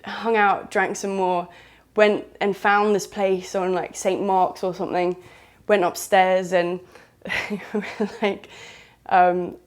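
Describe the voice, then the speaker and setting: A woman from southern England, with a southern English accent, tells a candid first-person story in a loose, frank, chatty way full of British slang. Her medium-pitched voice is flat, and she takes it slowly.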